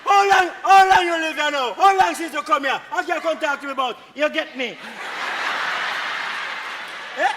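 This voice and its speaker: An actor with a Jamaican accent playing a boastful, menacing man who abuses his power, taunting and shouting on a live stage. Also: very high voice, a little slow, heavy background noise. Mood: angry. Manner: taunting, domineering, often shouting. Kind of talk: live stage play acting. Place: theatre stage with a live audience. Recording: theatre stage with long reverb.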